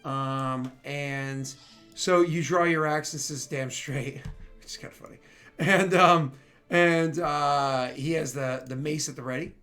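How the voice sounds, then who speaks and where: A man's voice: a little high, unhurried, fairly bright tone, soft background music. A man narrating a tabletop role-playing game as game master, casual and full of fillers and restarts. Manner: rambling with many fillers.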